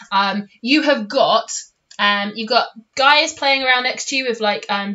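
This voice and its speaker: A woman narrating a tabletop game as game master, telling the story in an animated, giggly way. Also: mid-range voice, muffled recording.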